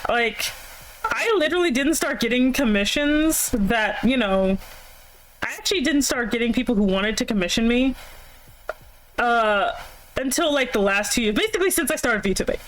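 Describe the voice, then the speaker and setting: Woman, streamer, a bit high-pitched, rambling, giggly, casual chat over a call. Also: lively intonation, normal speed, a little hiss or hum, low-quality recording. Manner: giggly, rambling, lots of fillers.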